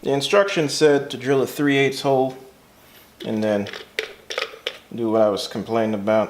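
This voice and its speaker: A man's voice: mid-range voice, steady tone, moderate pace, long pauses, a little hiss or hum. A man hosting a casual car repair vlog, rambling and joking at himself while he works in a garage. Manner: joking, rambling, self-mocking. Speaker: channel host.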